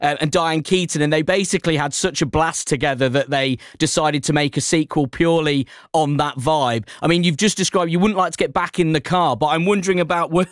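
Guy interviewer, kinda high voice, eager, trips over his words, dry sound. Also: fairly even intonation, fairly quick, hardly any pauses, no echo. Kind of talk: interview questions.

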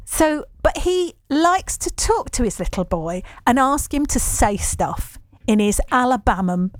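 A woman hosting a radio show, her voice sitting a little high. She talks with gushing enthusiasm and laughs often, and the sound is close and dry with no room around it. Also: lively intonation, measured pace, dry recording. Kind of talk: chatty radio talk.

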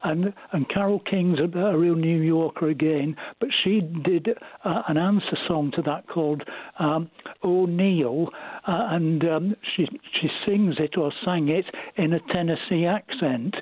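A man calling in to a radio show to share music trivia, talking haltingly with many fillers and restarts. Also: fairly high pitch, dry recording. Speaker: radio caller sharing music knowledge. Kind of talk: casual radio chat. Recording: tinny phone line.

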